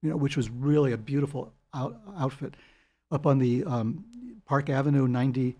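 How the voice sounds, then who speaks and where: An older man, telling long anecdotes as a guest in an interview, animated and chuckling. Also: medium pitch, moderate pace. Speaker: guest author. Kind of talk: storytelling interview.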